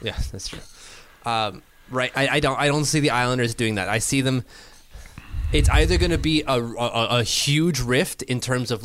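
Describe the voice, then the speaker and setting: Man, mid pitch, casual sports talk, rambling; dry recording. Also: fairly bright tone, no room sound. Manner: rambling, doing quick mental math aloud.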